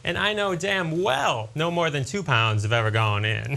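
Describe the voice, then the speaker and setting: Stand-up comic guy, 40s, punchy jokes, bright sharp voice. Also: a little high, moderate pace, creaky. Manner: punchy joke delivery. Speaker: stand-up comedian. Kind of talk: stand-up comedy routine.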